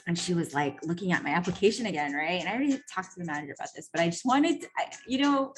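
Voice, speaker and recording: A woman coach telling a story in a casual, profane monologue, animated and full of "like" and "right?". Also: on the low side, racing, soft background music. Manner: animated, acts out quoted voices. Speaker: personal growth coach.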